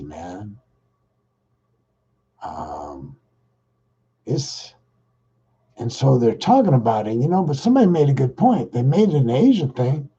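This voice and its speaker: A man's voice: medium pitch, mellow, slightly rough, lo-fi sound. Rambling exasperated podcast host man. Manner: rambling, exasperated, talks fast. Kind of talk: casual political monologue.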